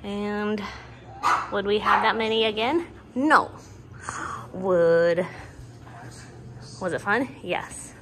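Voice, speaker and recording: A woman's voice: medium pitch, very slow, long pauses, background noise. A woman introducing her dogs in a casual pet vlog, talking to them in affectionate baby talk at home. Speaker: dog owner.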